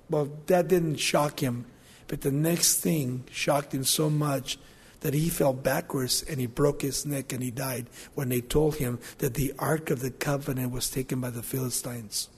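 A man preaching a sermon, retelling a story with lively, acted-out dialogue. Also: a little high. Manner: animated retelling, acting out quoted voices. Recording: long hall reverb.

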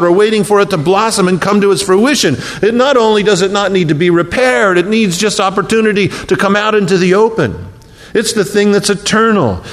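A middle-aged male pastor preaching a sermon, moving between raised, emphatic declarations and low, hushed, tender passages. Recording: long hall reverb, faint rumble.

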